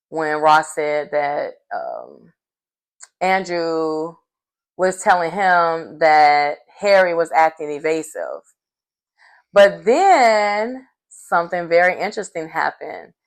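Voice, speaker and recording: Animated woman recapping a show. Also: low-pitched. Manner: animated storytelling, acts out quotes. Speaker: reality show recap vlogger. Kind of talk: casual episode recap.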